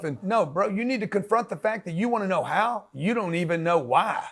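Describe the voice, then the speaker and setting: A man's voice: high-pitched, animated, fairly quick, hardly any pauses, a bit bright, breathy edge. A man giving a blunt, slangy motivational talk, punchy and direct, often acting out quoted voices. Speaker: motivational business speaker.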